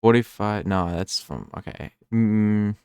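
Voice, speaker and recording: A man co-hosting a casual podcast, talking in an animated way and swearing. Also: on the low side, slow, clean tone, no echo, studio quality. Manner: animated, swearing, laughing often. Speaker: podcast co-host. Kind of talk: casual chat.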